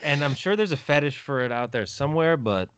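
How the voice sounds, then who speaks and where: Young male co-host, profane joker, mid pitch, dry close mic. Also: lively intonation, fairly quick, a bit bright, smooth, no echo. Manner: rambling, profane, jokey, laughs a lot. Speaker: podcast co-host. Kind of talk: crude casual chat.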